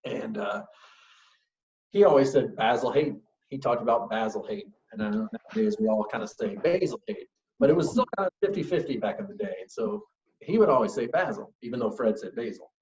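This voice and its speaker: A man's voice: medium pitch, very animated, a little fast, darkish tone. Easygoing man telling stories, echoey lo-fi. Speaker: whiskey brand ambassador, guest. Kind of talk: casual interview storytelling. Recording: echoey, dull lo-fi remote audio.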